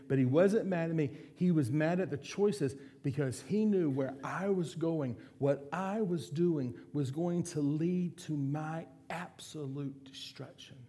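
A middle-aged male pastor delivering a sermon in an earnest way. His voice is dark and mellow with a gravelly edge. He often slows down and drops to a soft, quiet tone to let a point sink in. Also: medium pitch. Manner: earnest, slows and softens for emphasis.

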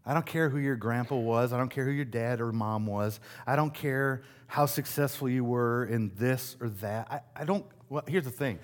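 This is a middle-aged pastor from West Michigan giving a sermon at a moderate pace with few pauses, his voice medium in pitch. He talks conversationally, makes light of himself and asks his listeners rhetorical questions.

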